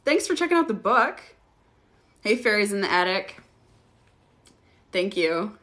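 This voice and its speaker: A woman's voice: medium pitch, very animated, measured pace, a bit bright. A young woman hosting a casual livestream, telling stories and answering viewer questions, swearing freely and laughing often.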